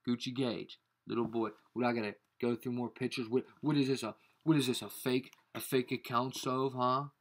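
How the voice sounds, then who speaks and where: Man, confrontational vlog ranter; slangy, repeats insults, average pitch. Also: fairly bright tone. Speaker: YouTuber. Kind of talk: angry screen-share rant.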